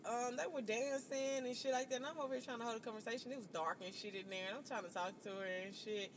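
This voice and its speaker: A woman co-hosting a casual podcast, telling a story and teasing her co-host with quick reactions. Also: a little high, steady tone, background noise. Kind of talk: casual chat.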